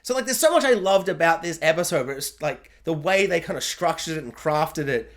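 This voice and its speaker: A man's voice: on the high side, lively intonation, a little fast. A man giving a casual spoken TV review, rambling along and filling his talk with "like". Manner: rambling, heavy on "like" fillers.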